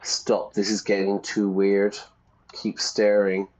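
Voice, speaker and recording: A man's voice: on the low side, monotone, slow pace, poor audio. A man streaming a video game, reading lines aloud and chatting as an English teacher explaining words to learners.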